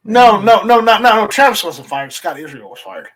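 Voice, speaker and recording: High-voiced man hosting a chat show. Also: expressive, a bit bright, rough recording. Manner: halting, repeats words, filler-heavy. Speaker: host. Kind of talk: casual podcast chat.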